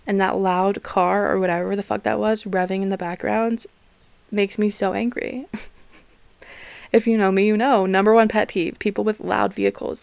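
A woman's voice: mid-range voice, level tone, normal speed, creaky, darkish tone, no room sound. A woman in her twenties hosting a casual solo podcast, talking candidly, swearing freely and laughing often. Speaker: podcast host.

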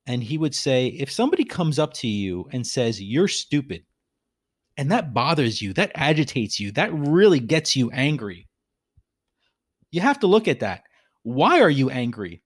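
A man's voice: mid-range voice, big pitch swings, moderate pace, no room sound, clean studio sound. A man hosting a reflective business talk, speaking earnestly and repeating phrases for emphasis. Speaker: podcast host.

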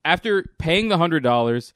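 A man's voice: on the high side, expressive, moderate pace, a bit bright, dry recording, clean studio sound. A man co-hosting a podcast, telling stories in easygoing casual chat and laughing often. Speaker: podcast co-host.

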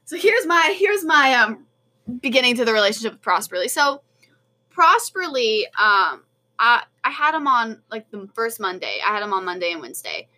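Young woman podcaster, bright voice, chatty, filler words everywhere. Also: on the high side, normal speed. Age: young adult. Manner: animated storytelling with many fillers. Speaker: podcast co-host. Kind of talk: casual chat.

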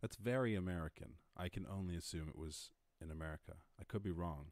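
A low-voiced Irish man hosting a casual livestream, talking close to the mic. He rambles, swears freely and laughs at his own jokes. The sound is dry and close. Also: fast talker, darkish tone, dry recording. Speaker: podcast host.

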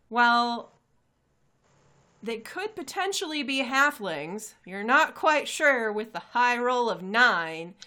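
A woman's voice: fairly high pitch, sharp tone. A woman running a tabletop game as game master, narrating descriptively and laughing easily.

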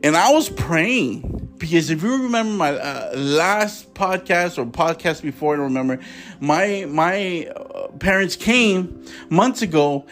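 A man's voice: fairly high pitch, animated, measured pace, fairly bright tone, faint music behind. A man hosting a preaching podcast, speaking with passion and stumbling a little when he reads scripture aloud.

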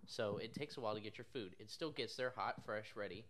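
A man's voice: lowish voice, brisk, a bit bright. Profane young man telling work stories. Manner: profane, mocking, acts out callers in quoted voices. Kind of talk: casual chat, storytelling.

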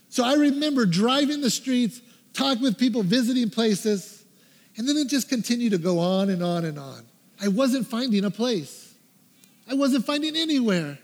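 A man's voice: high voice, long reverb tail. A man preaching a story-driven sermon, acting out his own prayers and the advice people gave him. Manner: animated, acts out his own prayers and quotes. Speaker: pastor.

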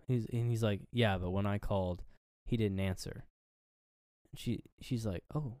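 A man's voice: measured pace, no echo, studio quality. A man co-hosting a podcast, casually recapping a movie scene by scene and acting out the characters' lines. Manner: animated retelling, acts out quotes with pitch jumps; loose and profane, lots of fillers. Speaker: podcast co-host.

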